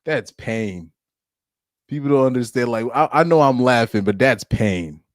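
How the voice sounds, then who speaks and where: A man's voice: medium pitch, lively intonation, measured pace, no room sound, studio quality. A man hosting a casual live stream, reacting to a football game and laughing often as he rambles. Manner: laughs often, loose and rambling with many restarts.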